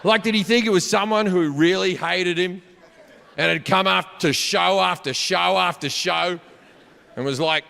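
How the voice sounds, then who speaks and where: A man doing profane, animated stand-up storytelling, shouting his punchlines on a large theater stage. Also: high-pitched, measured pace, vocal fry. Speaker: stand-up comedian. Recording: live hall reverb, faint crowd ambience.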